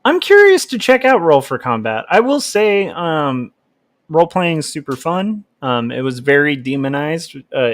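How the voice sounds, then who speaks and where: A man's voice: mid-range voice, no room sound. A man hosting a casual livestream, reading chat and rambling with lots of filler words. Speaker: livestream host, comic artist.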